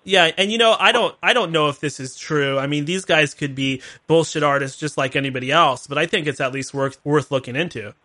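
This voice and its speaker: Bright-voiced chatty male talk-radio host. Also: fairly high pitch, brisk, hardly any pauses. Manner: rambling, chatty, with laughing asides. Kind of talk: casual call-in talk radio.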